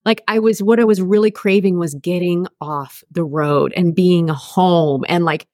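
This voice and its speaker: Candid low-voiced woman coach. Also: fairly even intonation, a little slow, mellow, dry recording, studio quality. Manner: candid, chatty, many fillers. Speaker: guest, career coach. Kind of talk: conversational storytelling.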